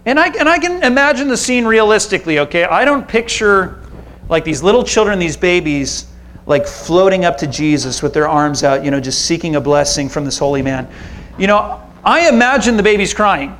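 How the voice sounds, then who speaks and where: A man pastor giving a sermon in a relaxed, conversational way, with self-deprecating humor. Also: high voice, normal speed, slight background noise.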